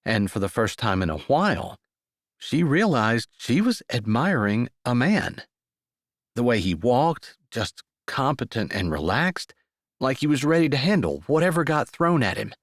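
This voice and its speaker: A man narrating a sweet romance audiobook in a scripted, expressive reading. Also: mid-range voice, unhurried, dry recording, clean studio sound.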